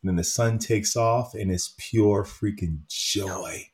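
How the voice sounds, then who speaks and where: A man with a slightly low voice chats casually as a co-host. He tells stories with animated energy and laughs often. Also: takes it slowly. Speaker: podcast co-host. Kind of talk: casual chat.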